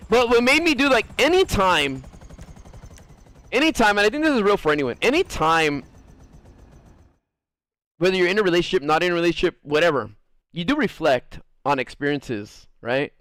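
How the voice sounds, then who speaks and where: A man's voice: high voice, sing-song, moderate pace, pauses often, fairly bright tone, dry recording. A man chatting casually on a stream, rambling with crude jokes and lots of fillers. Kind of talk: casual chat.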